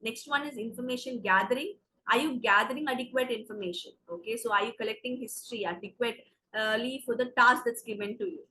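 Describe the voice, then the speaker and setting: A woman's voice: on the high side, brisk, pushed and bright, poor audio. A woman with an Indian English accent teaching an exam preparation class, explaining step by step and checking in with "okay". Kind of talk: classroom lecture.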